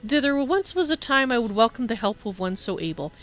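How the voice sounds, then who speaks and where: A woman reading the slow, archaic, formal lines of a male blacksmith in a game, over faint music. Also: fairly high pitch, sing-song, fairly bright tone. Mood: formal, weary. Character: formal old-fashioned male blacksmith guard.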